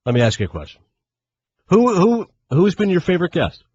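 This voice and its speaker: A man co-hosting a sports radio show, delivering brisk, upbeat rundowns. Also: high voice, huge pitch swings, a little mellow, slightly rough, dull audio. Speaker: radio co-host. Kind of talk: casual sports talk.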